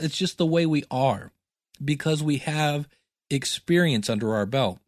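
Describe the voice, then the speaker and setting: A man's voice: on the high side, lively intonation, a little slow, dry recording, clean studio sound. A middle-aged man teaching podcasting in a chatty, self-deprecating solo talk with goofy asides.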